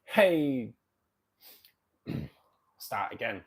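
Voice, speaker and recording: A man in his fifties hosts a laid-back fish-keeping livestream, joking around and thanking viewers by name. His medium-pitched voice moves slowly with long pauses, and his throat sounds dry.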